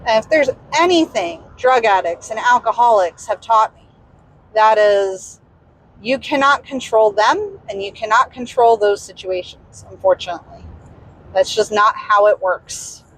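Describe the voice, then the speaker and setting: A young woman with a Southern US accent telling a personal story in a candid, exasperated, animated way. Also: fairly high pitch, measured pace, slight background noise, low-quality recording. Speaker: vlogger. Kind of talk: casual storytelling. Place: in a vehicle.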